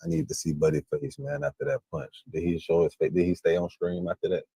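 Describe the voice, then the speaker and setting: Animated man reacting to clips. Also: fast, vocal fry, slightly rough, dry recording. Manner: animated, loud, laughing, acts out lines in high mocking voices. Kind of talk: casual reaction commentary.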